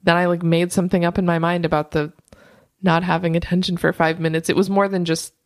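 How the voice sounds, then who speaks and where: A woman's voice: on the low side, little pitch movement, quick pace, no room sound, studio quality. Woman telling a rambling personal story. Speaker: podcast co-host. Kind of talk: casual chat.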